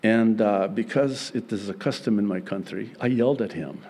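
A man preaching a sermon as pastor, earnest, moving between soft passages and emphatic ones. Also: fairly low pitch, measured pace, slightly rough.

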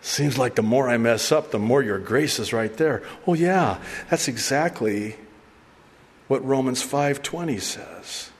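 Male pastor, middle-aged, unhurried sermon, long echo of a big hall. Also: mid-range voice, slightly rough. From raised by an Arab mother. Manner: animated, conversational preaching with laughs and asides.

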